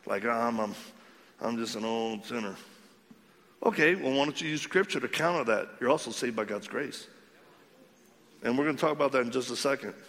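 A man preaching a storytelling sermon, animated and acting out the voices of the people in his story. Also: medium pitch, normal speed, pauses often, long reverb tail. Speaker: ministry leader speaking to men.

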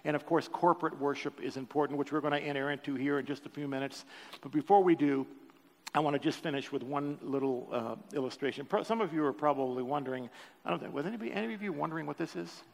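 In a reverberant church sanctuary, an older pastor with a fairly high, gravelly voice talks fast. He preaches a sermon, telling a personal story with emotion and joking with the congregation.

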